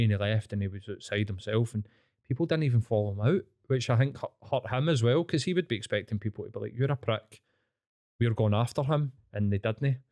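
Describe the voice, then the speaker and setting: A Glaswegian Scottish man in his thirties speaks with a fairly low, darkish voice, recorded with no room sound. He's a podcast guest telling blunt, sweary stories in a candid, rambling way, with plenty of restarts.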